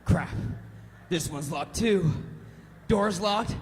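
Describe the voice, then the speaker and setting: A man's voice: sits high, slow, voice pushed down. A man playing a panicked young male victim who hides from a killer, yelping frantically, recorded in an echoey hall. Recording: echoey hall with faint ambience.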